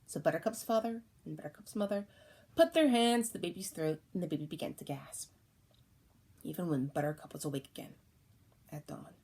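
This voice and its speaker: A woman reading a storybook aloud in a calm, even way, taking on voices for the characters. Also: low-pitched, fairly quick, breathy edge. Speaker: audiobook reader.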